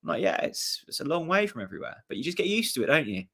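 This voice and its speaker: A young man hosting a live football watchalong, chatting with viewers and reacting to the match in a casual, excitable way. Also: fairly high pitch, racing, creaky. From Norfolk, England. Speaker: host of a fan channel watchalong.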